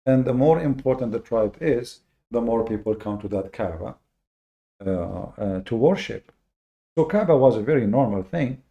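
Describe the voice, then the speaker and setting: Gravelly, mellow-voiced male host lecturing. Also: medium pitch, lively intonation, dull audio. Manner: slow, deliberate emphasis with many fillers and repeated words. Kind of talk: lecture-style monologue.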